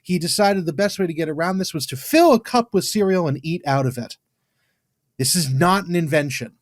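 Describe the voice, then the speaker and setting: An English man co-hosting a podcast, talking bluntly and swearing freely. His voice sits a little high for a man. The sound is dry and close to the mic, with no room echo. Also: a little fast. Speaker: podcast co-host. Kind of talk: casual chat.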